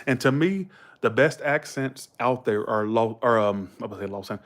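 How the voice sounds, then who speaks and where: A man's voice: medium pitch, moderate pace. An American man hosting a livestream in a casual chat, rambling through anecdotes with lots of fillers. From United States. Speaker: livestream host.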